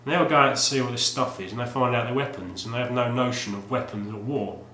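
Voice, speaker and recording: A man's voice: mid-range voice, quick pace, pushed and bright. A man talks casually about a game he bought. He rambles and often restarts his sentences. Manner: rambling, with many fillers and restarts. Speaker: retro game collector vlogger. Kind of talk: casual video talk. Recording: roomy echo, faint background hum.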